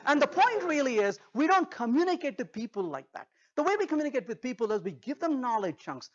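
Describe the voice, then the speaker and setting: A man giving a humorous technical talk at a conference, an animated storyteller who acts out dialogues. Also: extremely high pitch, quick pace, few pauses, dull audio. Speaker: conference speaker. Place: conference stage.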